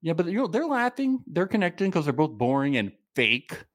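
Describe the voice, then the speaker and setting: A man co-hosting a podcast in casual chat, animated, exasperated and profane. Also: a little high, a little fast, no room sound, studio quality. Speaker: podcast co-host.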